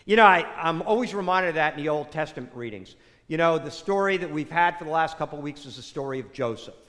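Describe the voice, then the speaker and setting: A man's voice: on the high side, expressive, quick pace, fairly bright tone. A man preaching a sermon in a conversational way, sprinkling his talk with "you know" asides. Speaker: pastor. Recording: echoey hall.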